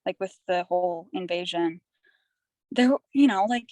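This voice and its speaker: A woman's voice: fairly low pitch, a little slow, a little mellow, no echo, poor audio. A young woman from Canada, a podcast guest, telling her story in a rambling, candid, chatty way. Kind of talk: candid casual conversation.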